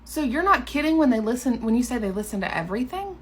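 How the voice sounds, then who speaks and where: A woman voicing a new salon assistant chatting quietly with a coworker. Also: fairly high pitch, sing-song, quick pace. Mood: curious. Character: new female salon assistant, nervous and curious.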